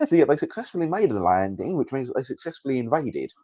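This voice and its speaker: A man's voice: medium pitch, very animated, fast, mellow, no room sound. A man co-hosting a comedy podcast, telling historical anecdotes in a matter-of-fact way. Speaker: podcast co-host. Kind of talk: casual comedic chat.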